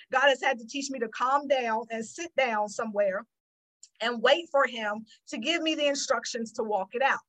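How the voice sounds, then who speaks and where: A woman host giving sermon-style teaching, animated as she acts out prayers and God's replies. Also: on the high side, poor audio.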